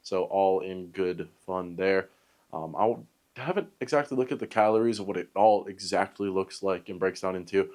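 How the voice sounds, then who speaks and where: A man's voice: low voice, moderate pace, darkish tone. A young man talking casually to camera for his fitness vlog, rambling and upbeat with lots of fillers and little self-jokes. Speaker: fitness vlogger.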